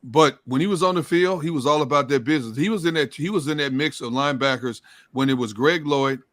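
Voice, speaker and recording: A male sports reporter tells football stories in a bright, forceful voice with real punch. He sounds dry and close to the mic, with no room around him. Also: fairly high pitch, fast, no echo. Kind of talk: casual sports talk.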